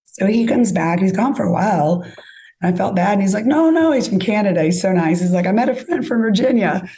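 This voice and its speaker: A woman's voice: medium pitch, expressive, a little fast, mellow. A woman telling a dating story in casual chat, acting out both sides of each exchange. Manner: chatty, acts out both sides of conversations. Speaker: guest storyteller.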